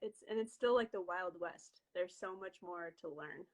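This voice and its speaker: Young woman guest, casual and a little halting, on a video call. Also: fairly low pitch, rough recording. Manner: friendly, hesitant, many ums and restarts.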